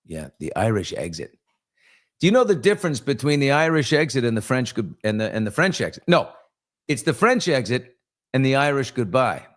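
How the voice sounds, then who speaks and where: A male host chatting casually on a live morning show. He jokes, rambles, and throws asides to his crew. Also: mid-range voice.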